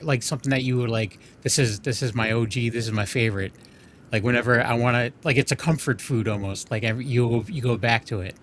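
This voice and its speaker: A man's voice: mid-range voice, fast, a bit bright. A man hosting a horror podcast, with a mid-range voice. He chats loosely and fills his sentences with casual fillers. The recording has a faint layer of hiss. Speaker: podcast host.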